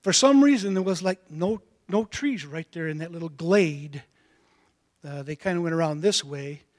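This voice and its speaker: A man preaching a sermon in a folksy storytelling way, moving from quiet asides to loud calls to the congregation. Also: a little high, moderate pace. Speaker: pastor.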